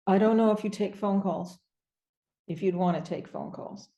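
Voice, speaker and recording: Warm-voiced woman host, roomy sound. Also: mid-range voice, steady tone, dull audio. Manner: effusive, halting, tearful at times. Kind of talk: emotional interview chat.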